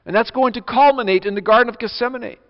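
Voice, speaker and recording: Male preacher, higher voice, emphatic sermon delivery, long reverb on the sound. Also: fast. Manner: earnest, emphatic preaching with wide swings in loudness. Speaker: pastor. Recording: dull lo-fi audio with long reverb.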